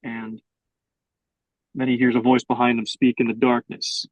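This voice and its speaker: A man's voice: mid-range voice, little pitch movement, moderate pace, no room sound, poor audio. A young adult man improvising a story as co-host, narrating in a hesitant, filler-heavy way. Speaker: podcast co-host.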